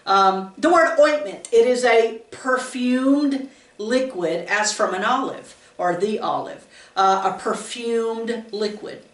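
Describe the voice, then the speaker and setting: Woman with a slightly high voice, homey devotional host, recorded at a distance in a roomy space. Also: takes it slowly. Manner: earnest and homey, with lively asides to listeners. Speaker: pastor's wife giving a devotional. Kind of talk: conversational devotional teaching. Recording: roomy sound from a distant mic.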